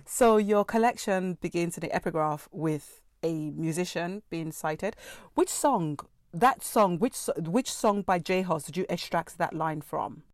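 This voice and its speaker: A woman interviewing a poet, asking measured, analytical questions about his work. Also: fairly low pitch, lively intonation, no echo, studio quality. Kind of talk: literary interview.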